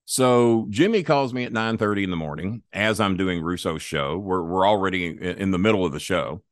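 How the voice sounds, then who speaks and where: A man's voice: low-pitched, normal speed, dry recording, studio quality. Blunt, profane older man telling stories. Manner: blunt, profane, plain-spoken. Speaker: guest. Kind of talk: casual storytelling.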